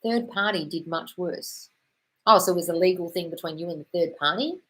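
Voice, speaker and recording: A woman with a slightly low-pitched voice hosts a live question-and-answer stream. She answers viewer comments in an effusive, frank way and calls everyone darling. Now and then she breaks into a sweary, squealing burst of praise. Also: brisk, a bit bright, low-quality recording. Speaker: manifestation coach host.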